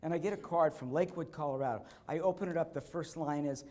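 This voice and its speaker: Keynote speaker, man, higher-pitched, lively storyteller who repeats lines for effect and acts out quotes. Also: fast talker. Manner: animated storytelling, repeating key phrases; acts out quotes, bursting into shouts. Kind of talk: motivational conference speech with personal stories. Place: conference stage.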